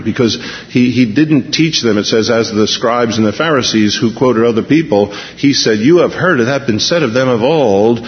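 A man preaching a sermon, telling the scene like a story and acting out the quoted voices. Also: medium pitch. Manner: animated storyteller, acts out quotes, shifts pace. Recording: long hall reverb, dull lo-fi sound.

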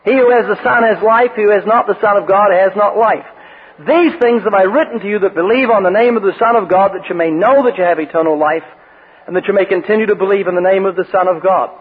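A man's voice: sits high, fast, husky. A man preaching a sermon, reading scripture and telling joking anecdotes. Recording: phone-like radio broadcast with long reverb.

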